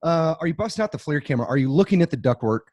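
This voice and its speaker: A man in his thirties co-hosting a business podcast, chatting casually and telling stories in an animated way. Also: fairly high pitch, racing, no room sound, studio quality. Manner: storytelling, animated. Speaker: podcast co-host. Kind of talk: casual chat.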